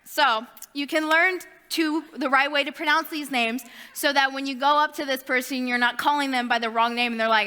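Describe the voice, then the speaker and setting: Bright young woman giving a youth talk. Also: high voice, fairly even intonation, moderate pace, few pauses, in a large hall. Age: young adult. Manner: chatty, self-deprecating asides. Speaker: youth ministry speaker.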